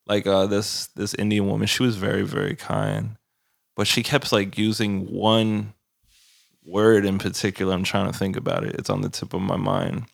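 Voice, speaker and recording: A man with a low, nasal voice and a gravelly edge, chatting loosely on a podcast. He laughs a lot and slips into impressions of people on the phone. The sound is dry and close. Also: animated, moderate pace, dry recording. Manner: laughs often, mimics callers. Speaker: podcast co-host. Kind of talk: casual chat.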